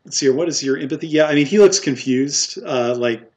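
A man's voice: fairly high pitch, a little fast, darkish tone. A man running a tabletop game as game master, narrating with many fillers and frequent laughs.

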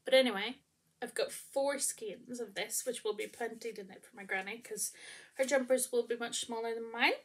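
A woman's voice: fairly high pitch, normal speed, a bit bright. A young woman, hosting her knitting podcast in a chatty, rambling way with lots of ums, seated at home. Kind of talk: casual chat to camera.

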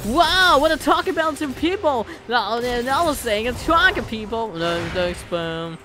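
A young man gives live gameplay commentary, breaking into bursts of loud excited exclamations. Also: very high voice, normal speed. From Philippines. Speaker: gaming channel host. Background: game music.

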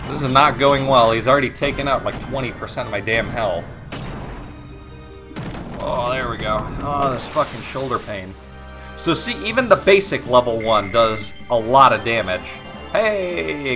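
A man casually commentating a video game, rambling, joking and swearing as he plays. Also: mid-range voice. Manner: rambling, profane, jokey, self-mocking. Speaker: let's play commentator. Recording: game music playing behind. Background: game music.

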